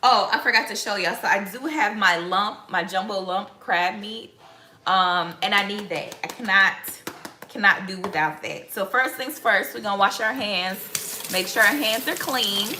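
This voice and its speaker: A woman's voice: medium pitch, unhurried, sharp tone, reverberant, slight background noise. A woman from Mississippi, chatting casually with viewers in a cooking vlog from her home kitchen, full of rambling asides and y'all. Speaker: lifestyle vlogger.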